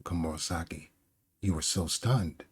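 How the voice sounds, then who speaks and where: A man voicing a calm, cool-headed woman who speaks quietly in a measured, cold way. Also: sits low, slightly rough, voice pushed down.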